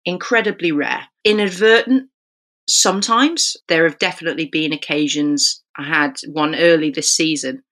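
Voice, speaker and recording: A woman who is a football referee, chatting as a podcast guest and telling stories with lively acted quotes. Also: low voice, moderate pace.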